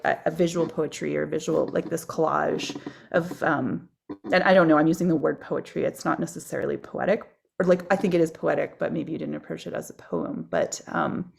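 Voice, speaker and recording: A woman's voice: sits low, vocal fry, a little mellow. A woman from the gallery interviewing an artist over a video call, asking long, rambling questions with many fillers.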